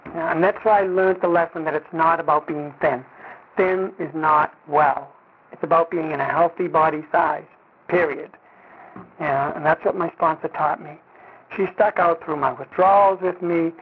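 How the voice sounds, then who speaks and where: A man's voice: on the high side, fairly even intonation, normal speed, breathy edge. A man giving a personal recovery testimony in a conversational way, often saying "you know" and acting out what people said to him. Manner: conversational, often says "you know", acts out quoted dialogue. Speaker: speaker sharing at a recovery meeting. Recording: tinny phone-line sound.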